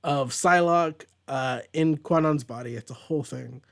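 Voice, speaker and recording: A man's voice: a little high, measured pace, fairly bright tone. A man hosting a casual page-by-page comic book recap, rambling with fillers and restarts. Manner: rambling, lots of likes and restarts. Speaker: comic book reviewer host.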